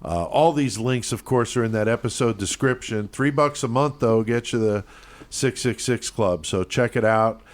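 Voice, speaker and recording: A man's voice: mid-range voice, normal speed. A man co-hosting a podcast in casual chat, laid-back and profane, running through the show plugs. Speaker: podcast co-host.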